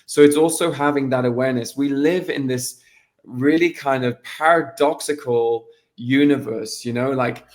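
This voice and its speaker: Emphatic, blunt man on a podcast. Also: mid-range voice. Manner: emphatic and blunt, speaks in bursts of questions. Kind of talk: casual podcast conversation.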